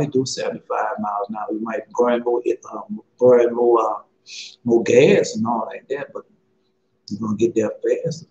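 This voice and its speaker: A man's voice: mid-range voice, a little mellow. A man preaching an impassioned sermon in a casual, pleading way, repeating himself often. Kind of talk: impassioned street-style sermon. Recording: echoey, muffled, slightly noisy recording.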